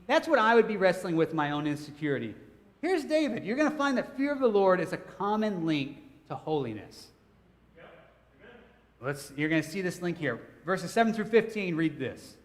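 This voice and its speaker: A man's voice: high voice, normal speed. A man preaching a sermon, telling a personal story with humor and speaking directly to his congregation. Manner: animated, humorous, chatty storyteller who addresses the congregation. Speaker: pastor. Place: church hall. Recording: long hall reverb, church sanctuary.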